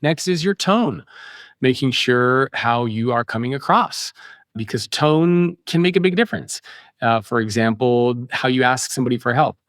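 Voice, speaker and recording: Male author guest, mid pitch, animated explainer, dry studio sound. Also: moderate pace, no room sound. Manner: animated, acts out quoted voices. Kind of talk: explanatory interview talk.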